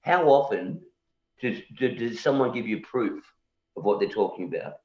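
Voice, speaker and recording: A man's voice: mid-range voice, expressive, moderate pace. A male musician guest in casual conversation who repeats words and keeps asking "you know?" as he argues his point and challenges beliefs. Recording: echoey room, dull lo-fi sound.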